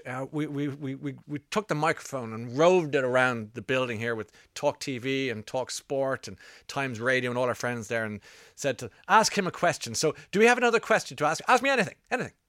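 Forceful, chatty middle-aged male radio host. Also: mid-range voice, lively intonation, no echo, studio quality. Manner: chatty, rambling storytelling with quick asides. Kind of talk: casual radio chat. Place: radio studio. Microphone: broadcast studio mic.

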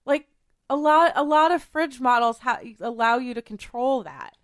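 A chatty woman with a high voice hosts a podcast and walks through cleaning steps. She drops in fillers and laughs along the way. The recording is dry and close, with no room sound. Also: normal speed, dry recording. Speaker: podcast host giving cleaning advice. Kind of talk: casual chat mixed with how-to instructions.

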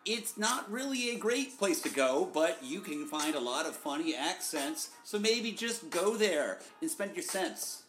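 Podcaster rapping jokey deadpan rhymes. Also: mid-range voice, unhurried, few pauses, roomy sound, soft background music. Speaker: podcast co-host. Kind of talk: freestyle rapping over a beat.

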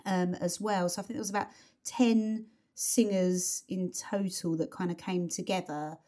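A woman's voice: fairly low pitch, steady tone, moderate pace, dark tone. A woman co-hosting a podcast, chatting casually about a song, rambling with lots of fillers and restarts. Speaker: podcast co-host.

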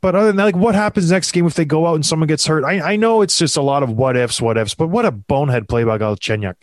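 A man's voice: fairly high pitch, fast, no room sound. Exasperated man ranting about hockey. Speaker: hockey podcast host. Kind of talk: heated sports commentary chat.

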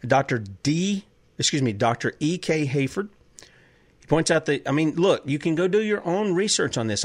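A man hosting a talk show, delivering an impassioned political monologue full of heated rhetorical questions. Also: fairly high pitch. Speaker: host.

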